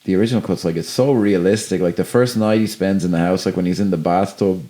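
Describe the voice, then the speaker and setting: A man with a fairly low voice co-hosts a casual film podcast. He rambles through his points, swears freely and laughs often. The talk is loose, unscripted chat. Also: steady tone, warm tone. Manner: rambling, profane, quick to laugh and act out quotes. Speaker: podcast co-host.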